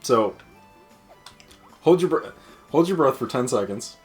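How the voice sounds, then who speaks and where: A man's voice: mid-range voice, expressive, a little slow, faint music behind. A young man with the hiccups, chatting casually and joking while playing a video game, swearing and laughing often. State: has the hiccups. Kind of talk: casual gaming chat.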